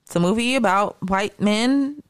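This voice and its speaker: A woman's voice: mid-range voice, moderate pace, clean tone, dry recording. A woman co-hosting a podcast, telling stories in casual chat and swearing freely. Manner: animated storytelling, swearing freely. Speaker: podcast co-host.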